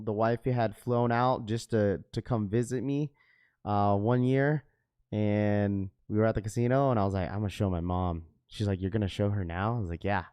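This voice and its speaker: Laid-back man, mid-pitched, slangy livestream host chatting with viewers. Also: darkish tone, smooth. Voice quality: slangy, says "bro" often. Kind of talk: casual livestream chat.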